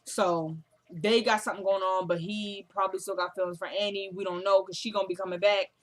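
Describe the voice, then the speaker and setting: A woman's voice: medium pitch, fairly even intonation, brisk. A young woman, chatting casually as she recaps a TV episode and retells the dialogue. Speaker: recap vlogger.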